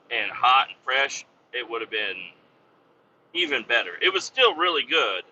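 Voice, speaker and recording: A man telling a story casually, rambling and exasperated, swearing as he goes. His voice is sharp and bright, sitting a touch high. The recording is slightly muffled, with a faint noise and a low vehicle hum behind him. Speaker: podcast host.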